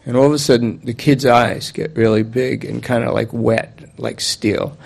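A man's voice: mid-range voice, fairly even intonation, normal speed, creaky, a little mellow. A man telling a story aloud in a loose, conversational way, with plenty of fillers and restarts. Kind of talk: spoken storytelling monologue.

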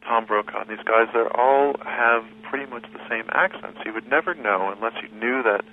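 A man, a guest who teaches history, talking reflectively in an interview, pausing and restarting his sentences often. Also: mid-range voice. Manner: thoughtful, halting with many restarts and fillers. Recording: tinny phone line with faint hiss.

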